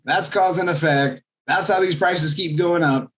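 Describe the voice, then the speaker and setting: A man, a real estate agent, telling an anecdote as a guest in a podcast interview, in a lively storytelling manner. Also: high voice, a little slow. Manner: animated anecdote telling, acts out quoted voices.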